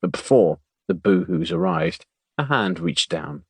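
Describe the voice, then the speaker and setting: A man narrating an audiobook in a measured, wry storytelling manner. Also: sits low, animated, slightly rough, no echo.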